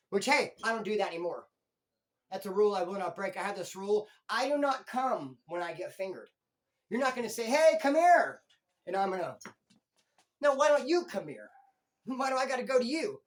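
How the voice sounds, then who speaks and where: Street-talking man recounting prison stories. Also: sits high. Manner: street slang, swings between loud and hushed. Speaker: YouTube channel host. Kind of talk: storytelling monologue.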